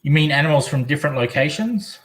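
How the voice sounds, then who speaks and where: A man's voice: fairly high pitch, expressive, fast talker, fairly bright tone. Rambling man live-streaming in an echoey room. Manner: rambling, chatty, reading comments aloud. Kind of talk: casual live-stream chat.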